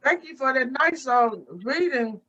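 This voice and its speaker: A festival host thanking an author and asking questions on a video call, with halting fillers. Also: high-pitched, bright, forceful tone, muffled recording. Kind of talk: interviewing an author.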